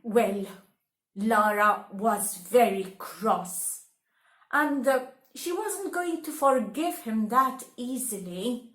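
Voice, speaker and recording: A woman tells a children's story in a high voice, very slowly and expressively, with dramatic pauses. The echoey room is clear around her. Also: animated, fairly bright tone.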